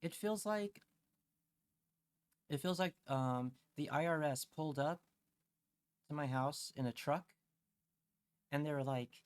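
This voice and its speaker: A man's voice: a little high, slow, pauses often, smooth, no echo. A man streaming a comic rant, rambling with many fillers and repeated phrases.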